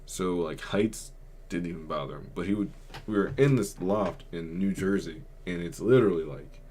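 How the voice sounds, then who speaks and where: This young male podcast host speaks at normal speed in a low, slightly mellow voice, with a little background noise. He tells a personal story casually, rambling and subdued, leaning heavily on filler words.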